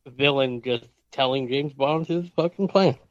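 A man's voice: medium pitch, unhurried, no echo, muffled recording. A man co-hosting a podcast, chatting casually about a film, hesitant and self-deprecating. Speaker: podcast co-host.

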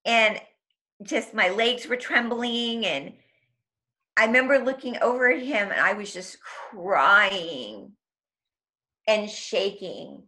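A woman's voice: mid-range voice, expressive, slow pace, pushed and bright. A young woman telling an intense personal story in an interview, emotional and tumbling, full of "like" and acted-out quotes. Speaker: guest.

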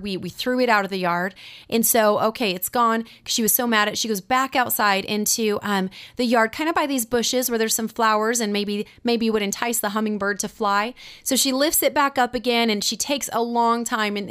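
A middle-aged woman preaching, telling a family story dramatically with slow, drawn-out suspense. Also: fairly high pitch, a bit bright. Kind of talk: sermon with a personal story.

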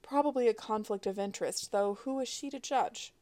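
Author-narrator, woman, wry expressive audiobook reading. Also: on the high side, fairly quick.

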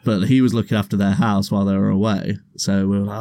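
A man's voice: lowish voice, flat delivery, quick pace, gravelly, warm tone, no room sound. A young man, co-hosting a podcast and telling a laughing, swearing anecdote. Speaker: podcast co-host. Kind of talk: casual chat, storytelling.

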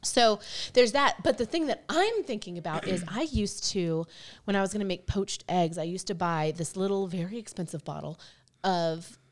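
A young woman chatting casually as a co-host on a talk show. She thinks out loud, scattering ums and likes and letting sentences drift before she finds her point. Her pitch sits in a middling range. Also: lively intonation, normal speed. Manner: thinks aloud with frequent "um" and "like" and trailing sentences. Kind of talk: casual chat.

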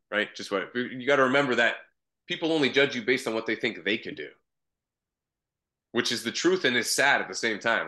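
Animated and fairly quick, a Canadian man with a mid-range, pushed, bright voice appears as a guest on a podcast. A comedian and voice actor, he rambles in an easygoing interview chat, frequently starting over.

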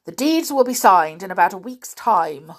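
A woman voicing a stern middle-aged father who talks in a brisk, lecturing way. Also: mid-range voice, sing-song.

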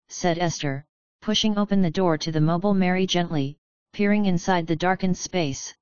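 Smooth-voiced woman narrating an audiobook. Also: on the low side, dry recording, muffled recording. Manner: steady, even reading.

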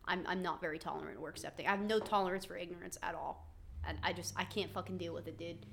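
A woman's voice: on the low side, fairly even intonation, fast, gravelly, fairly bright tone, a little hiss or hum. A young woman from West Virginia in casual political chat, blunt and profane, ranting with heat. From West Virginia, USA.

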